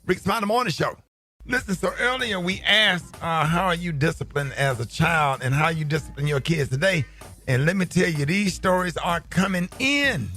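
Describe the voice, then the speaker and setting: A man hosting a morning radio show, telling stories in an animated, joking way with some mild cursing. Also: on the high side. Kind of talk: casual morning radio banter.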